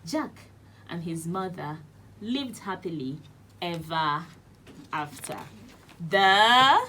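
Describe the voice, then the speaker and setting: A Nigerian woman hosting a children's radio show reads a fairy tale aloud at an unhurried pace. Her voice is bright and forceful, with faint background noise. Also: low-pitched. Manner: slow, expressive storytelling. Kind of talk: storybook reading aloud. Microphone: studio radio mic.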